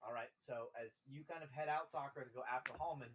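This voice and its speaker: A man's voice: mid-range voice, fast, background noise. A man narrating a tabletop game as game master in a loose, casual way, often laughing.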